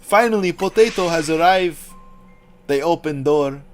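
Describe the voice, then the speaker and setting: A man putting on a Bulgarian accent to play a deadpan Eastern European joke teller who speaks in broken grammar. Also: fairly high pitch, unhurried, soft background music, voice pushed up, close to an everyday voice. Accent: put-on Bulgarian accent. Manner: broken grammar, grave storytelling delivery. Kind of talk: acted joke telling.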